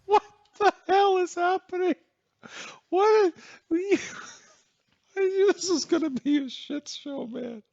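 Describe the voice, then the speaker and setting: A man's voice: very high-pitched, takes it slowly, creaky, a little mellow, no room sound. A man hosting a casual reaction video, talking in blunt, exasperated asides recorded on a dull, lo-fi home mic.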